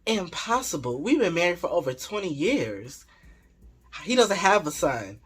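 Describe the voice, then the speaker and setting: A woman's voice: fairly low pitch, big pitch swings, measured pace, husky, faint music behind, heavily acted. A man voicing a shocked, tearful middle-aged wife who speaks in an incredulous, pleading way.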